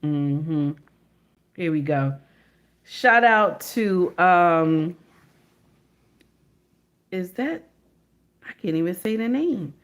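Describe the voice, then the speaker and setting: A woman's voice: fairly low pitch, expressive, very slow, long pauses. A middle-aged woman hosting a reaction livestream, speaking casually in slangy, emphatic speech and repeating her points.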